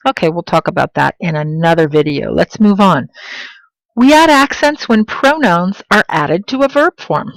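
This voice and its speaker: A woman teaching a Spanish lesson in English, slowing down to pronounce example words with clear stress. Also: lowish voice, expressive, dry recording, rough recording. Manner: slow, emphatic pronunciation of example words. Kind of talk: classroom lesson.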